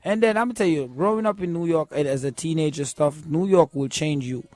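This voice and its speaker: Jamaican male musician guest, relaxed storyteller, light-pitched. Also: a little fast, dry recording. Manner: laid-back storytelling, keeps asking "you know what I'm saying". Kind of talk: casual interview talk.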